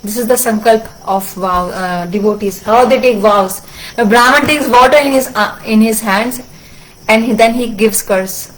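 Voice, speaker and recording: A woman's voice: on the high side, rough recording. Earnest woman translating a sermon. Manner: earnest, moralizing, halting restarts. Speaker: translator of a religious discourse. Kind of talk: sermon storytelling.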